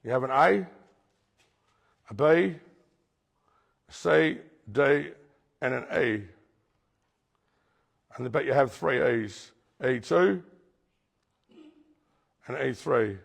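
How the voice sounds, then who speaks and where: Gravelly, husky man preaching in a hall. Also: medium pitch, animated, very slow, long pauses. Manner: repetitive, questions the audience directly. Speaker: speaker teaching a recovery group. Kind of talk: preaching-style talk to a group. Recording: long hall reverb.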